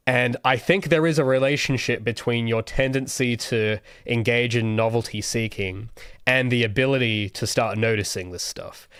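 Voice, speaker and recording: A man's voice: medium pitch, moderate pace, a bit bright, smooth, no echo, clean studio sound. Rambling young man streaming a Q&A. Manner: rambling, thinks aloud with many restarts. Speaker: solo game developer streamer. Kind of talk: casual livestream Q&A.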